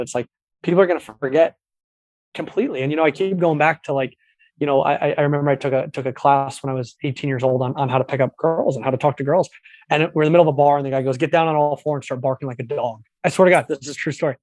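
A man talking as a podcast guest in a casual interview, telling stories quickly with frequent restarts. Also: medium pitch, no room sound. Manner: fast, animated storyteller with many restarts.

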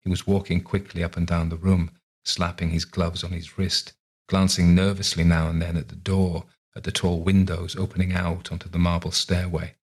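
A deep, husky male voice reads a story aloud as scripted narration. He stays calm and measured, lingering over each scene.

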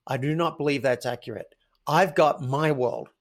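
A man's voice: mid-range voice, normal speed. A man, a podcast guest who tells stories animatedly and acts out his own quoted thoughts. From Australia. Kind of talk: casual interview chat.

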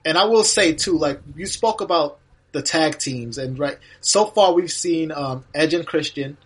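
A man's voice: fairly high pitch, unhurried, fairly bright tone, breathy edge. A man co-hosting a podcast, chatting easily and agreeably while watching an old wrestling match, laughing often. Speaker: podcast co-host.

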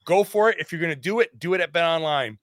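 A chatty man hosting a sports podcast, casual and self-deprecating, with a voice pitched a little high. His tone is bright and forceful. The sound is close and dry. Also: quick pace, dry recording. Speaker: podcast host.

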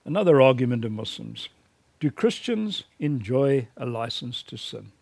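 A man teaches in a gravelly, slightly husky voice, recorded dry and close. He speaks with emphatic conviction and mixes in personal stories. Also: mid-range voice, sing-song, normal speed, a little mellow, dry recording. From South Africa. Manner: earnest, emphatic preaching cadence with personal anecdotes. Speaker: lecturer.

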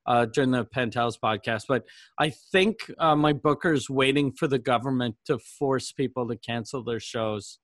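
A man's voice: medium pitch, normal speed, no room sound, clean studio sound. A man hosting a casual podcast chat, telling rambling stories with lots of swearing. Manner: profane, rambling storyteller. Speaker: comedian podcast host.

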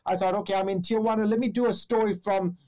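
A man with a mellow, steady voice talks fast as he tells a story on a casual podcast. He's a television reporter, and his telling is full of fillers and restarts, with the people he quotes acted out in a raised pitch.

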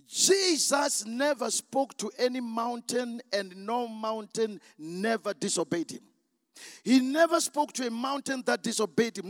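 A man preaching a sermon, emphatic and shouting, calling for the congregation's responses in a church. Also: very high voice, dry recording, studio quality, long reverb tail.

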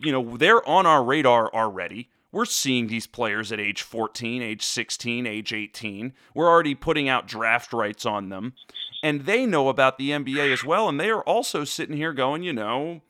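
Bright-voiced man in casual sports chat. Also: mid-range voice, lively intonation, normal speed, no echo, studio quality. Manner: rambling, lots of "you know" fillers. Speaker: basketball talk co-host.

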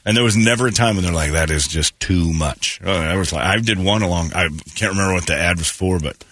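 A male morning radio host with a low, husky voice rambles through jokey stories. He talks in a loose, casual way. His tone is gravelly and deep. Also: fast talker, fairly bright tone, dry recording, clean studio sound.

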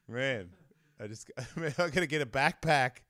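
A man's voice: mid-range voice, a bit bright. Laughing, foul-mouthed Australian man. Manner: laughing, crude, swearing a lot. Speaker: host. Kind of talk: casual live show chat.

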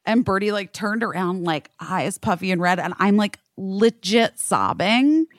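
In an unhurried, mid-range voice, a woman in her thirties tells an animated story while co-hosting a podcast, acting out what others said and swearing without restraint. The chat is casual, and the studio-quality recording is dry.

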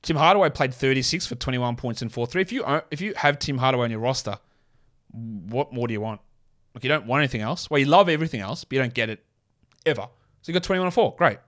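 A man hosting a casual sports show, reading off stats quickly with blunt, sarcastic commentary. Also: medium pitch, a bit bright. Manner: blunt, sarcastic, rapid-fire stat reading. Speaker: podcast host.

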